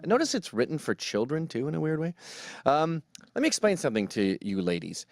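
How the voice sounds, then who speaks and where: A man's voice: a little high, huge pitch swings, brisk, no echo, clean studio sound. A man giving a sarcastic, ranting comedic commentary, mocking as he goes. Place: New York.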